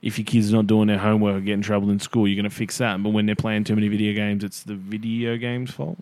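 Low-voiced, dry-sounding man. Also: flat delivery, a little mellow, no room sound. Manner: agreeable, quick to back up the other speaker, blunt and joking. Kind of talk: casual chat.

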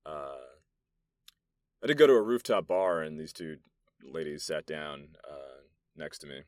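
A man's voice: a bass voice, measured pace, darkish tone, no echo, clean studio sound. A young man from New York hosting a solo podcast, rambling and swearing through loose stories full of fillers, recorded in a soundproof meeting room. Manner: rambling, profane, storytelling with many fillers. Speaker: podcast host. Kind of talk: casual solo podcast monologue.

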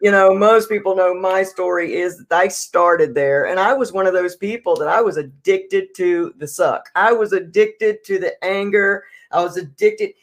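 A male podcast host speaks with a fairly high voice. He is reflective and earnest, and he leans on fillers as he thinks aloud. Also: moderate pace, few pauses. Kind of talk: casual podcast chat.

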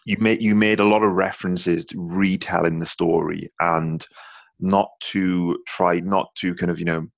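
A man with a very low voice hosts a podcast over a video call. He talks in a friendly, rambling way and keeps checking in with his guest. His recording is close and dry. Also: little pitch movement, moderate pace, creaky, no echo. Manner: friendly, rambling, lots of fillers and "right?" checks. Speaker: podcast host. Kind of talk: casual interview.

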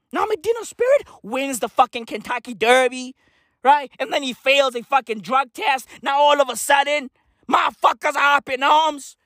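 High, animated comic ranter, shouts then mutters, dry close mic. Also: no room sound. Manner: manic, profane, swings between shouting and muttering. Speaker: comedian. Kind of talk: comedic rant.

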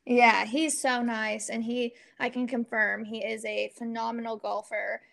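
Woman, 20s, from Oregon, interview guest, upbeat chatty, slightly high, gravelly fry. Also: little pitch movement, a bit bright. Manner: chatty and upbeat, laughs often, quick asides. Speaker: guest, golfer and social media influencer. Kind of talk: casual interview chat.

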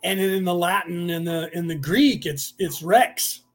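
A man's voice: high voice, normal speed. A man hosting a livestreamed class, explaining in a rambling way, repeating himself and spelling out words letter by letter. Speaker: podcast host teaching a class. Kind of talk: casual livestream lecture.

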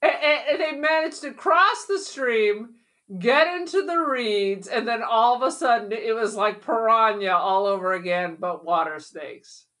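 A woman's voice: on the high side, lively intonation, measured pace, fairly bright tone. A woman co-hosting a podcast, chatting casually with wry, sarcastic humor. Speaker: podcast co-host. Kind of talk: casual chat.

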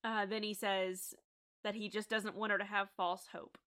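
A woman co-hosts a casual podcast, retelling a TV episode scene by scene. She laughs often and gets animated, with a bright, forceful tone. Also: mid-range voice, moderate pace. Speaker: podcast co-host. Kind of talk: casual chat, recapping a TV episode.

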